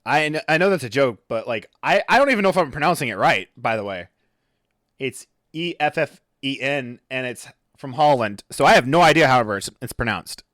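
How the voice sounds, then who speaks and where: A man co-hosting a podcast chats casually in a mid-range, slightly bright voice with lively intonation, talking a little fast. He tends to ramble, trip over words, and correct himself. The studio-quality audio has no room sound.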